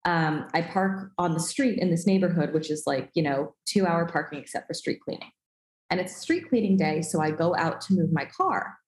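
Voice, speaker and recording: A woman's voice: on the low side, normal speed, a little mellow, echoey room, rough recording. A woman telling a self-deprecating story in casual podcast chat, acting out the dialogue. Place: Los Angeles.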